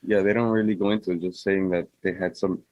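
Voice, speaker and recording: A man's voice: fairly even intonation, fast, darkish tone, dry recording, highs cut off. A man co-hosting a podcast, joking casually about a movie's characters. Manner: joking, mimics characters in a high voice. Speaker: podcast co-host. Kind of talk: casual movie review chat.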